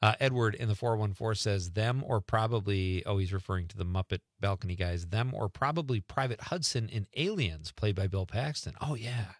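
A middle-aged man with a fairly low voice hosts a radio talk show from a studio, using a studio microphone with no room sound. He reads listener texts in a casual, jokey way, lively and quick to react.

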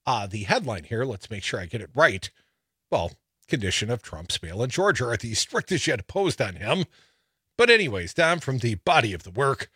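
A bright, lively male talk radio host with a faintly husky tone. He reads court documents with sarcastic jabs and swings his pitch widely. The sound is close and dry. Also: moderate pace, no room sound. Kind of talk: casual political talk radio.

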